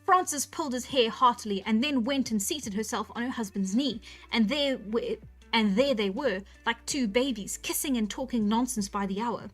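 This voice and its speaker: A woman reading a classic novel aloud on a livestream, relaxed and chatty, laughing at her own slips. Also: on the high side, normal speed, faint music behind. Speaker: storyteller.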